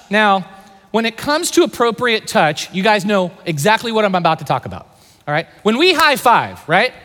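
A man from the Bay Area preaching a sermon to fathers, asking the crowd questions and swinging from loud bursts to quiet, intimate asides. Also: high voice. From Bay Area, California. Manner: animated, asks the crowd questions. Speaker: pastor. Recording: long hall reverb.

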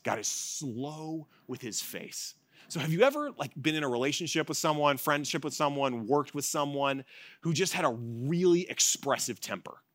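A man of middle pitch preaches a sermon, moving from forceful repeated lines down to quiet, hushed ones. The sound is dry and close, with no room ring. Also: no room sound. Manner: swings from loud emphatic repetition to hushed soft delivery. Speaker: pastor. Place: evening church service.

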